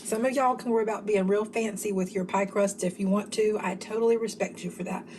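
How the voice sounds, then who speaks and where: A woman talks straight to her viewers in a casual home cooking vlog, gushing about the dish as she eats it. Her voice sits at an ordinary middle pitch, and her speech is loose and friendly, full of "y'all". A faint noise runs underneath. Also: steady tone, a little fast, darkish tone. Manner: chatty, enthusiastic, says y'all. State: talking while eating.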